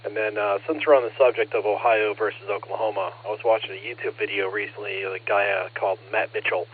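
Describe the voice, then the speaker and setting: A man's voice: lowish voice, steady tone, quick pace, a little hiss or hum. A man checking into a ham radio net, telling a rambling story in a casual way. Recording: narrow ham radio transmission.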